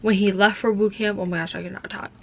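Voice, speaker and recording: A woman's voice: mid-range voice, steady tone, fast talker, a bit bright, slight background noise. A young woman from Minnesota talking casually to camera in a vlog, rambling with lots of "like" fillers. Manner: rambling, heavy use of "like". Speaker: vlogger. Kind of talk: casual chat.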